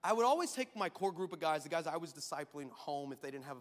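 A man preaching a sermon as pastor, telling a story in an animated way, acting out quotes and laughing often. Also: a little high, fast talker. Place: large church hall. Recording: reverberant church hall.

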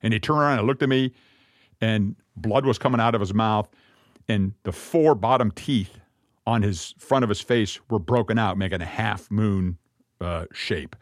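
This sermon comes from a middle-aged Messianic rabbi recounting a personal story in an earnest, reflective manner, with pauses and restarts. His voice is on the low side. The recording is dry and cleanly studio-made.

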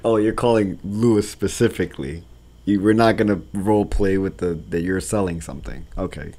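A young man co-hosting a podcast, playful and often laughing, quick to protest loudly. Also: low-pitched. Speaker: podcast co-host. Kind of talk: casual banter.

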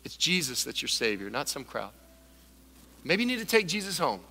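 A man preaching a sermon as pastor, animated, acting out the voices of Bible characters and a grumbling crowd. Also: on the high side, moderate pace, creaky, in a large hall.

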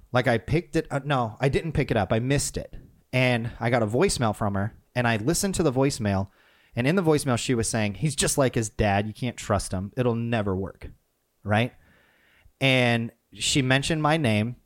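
A man casually telling a personal story about leadership, with frequent restarts and acted-out quotes. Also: mid-range voice. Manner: conversational, animated retelling with many restarts.

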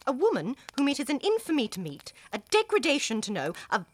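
An actress with an English accent playing a proud, indignant young wife in a radio drama. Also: female voice, sits high, wildly swooping pitch, a little fast, exaggerated voice. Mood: scornful. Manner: scornful, indignant.

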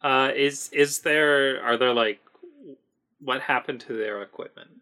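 A man's voice: mid-range voice, unhurried, pushed and bright. A man talking casually as a player in a tabletop game, stammering through his questions.

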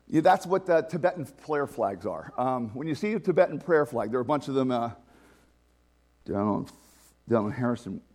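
A man preaching a conversational sermon as pastor, animated and laughing often. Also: medium pitch, husky.

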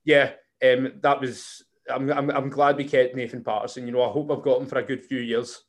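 A man's voice: medium pitch, flat delivery, fairly quick. A man hosting a casual football podcast, rambling with many fillers and restarts. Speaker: podcast host.

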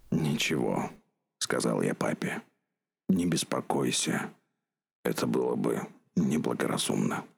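An old man reminiscing about his father's stern lessons, his voice sitting at the very bottom of the register and crackling with gravel. The tone is husky, and he speaks slowly and reflectively in a dry, close sound. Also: very deep voice, lively intonation, dry recording, exaggerated voice. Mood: gentle. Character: elderly man recalling his strict father. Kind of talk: dramatic monologue in Russian.

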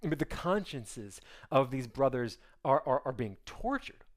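Lively man preaching a story sermon. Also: mid-range voice. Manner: acts out the characters' lines in quick voices; animated and conversational, with many asides. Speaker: pastor.

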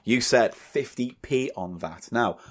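Teasing podcast co-host, lively voice. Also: male voice, mid-range voice, a little slow. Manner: teasing, sweary, laughs often. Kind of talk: casual podcast banter.

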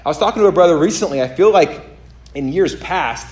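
A man preaching on a podcast, telling stories with lively acted-out voices and many fillers. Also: a little fast, roomy sound. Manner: animated storytelling, acts out voices with big pitch jumps. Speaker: pastor. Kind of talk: sermon on a podcast.

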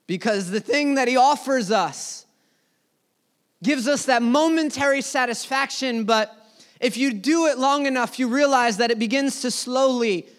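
A young man preaching a sermon, telling a personal story earnestly, his voice dropping low and soft then rising loud. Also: a little slow.

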